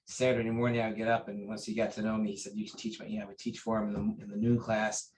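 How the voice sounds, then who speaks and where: A man recounting memories of his teacher in an interview, earnest and halting, with many fillers and restarts. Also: fairly low pitch, level tone, a little mellow, poor audio. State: briefly choked up. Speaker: interview guest, taekwondo master. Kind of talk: conversational storytelling.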